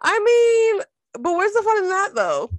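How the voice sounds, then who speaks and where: A woman's voice: very high-pitched, big pitch swings, a little slow, no room sound. A woman co-hosting an entertainment chat show, upbeat, reading news items in a conversational way. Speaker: co-host.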